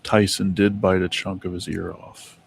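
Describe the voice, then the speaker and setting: A man's voice: sits low, little pitch movement, moderate pace, creaky, slight background noise. A man co-hosting a casual talk, reading notes aloud and stumbling over names. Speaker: co-host reading Mandela effect notes. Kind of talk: casual chat.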